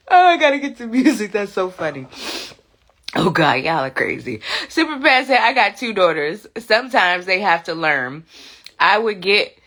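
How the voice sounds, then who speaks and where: A woman's voice: medium pitch, expressive, measured pace, long pauses, fairly bright tone. A woman hosting a live stream, reacting to a clip and reading viewer comments aloud, laughing often and talking in a casual style.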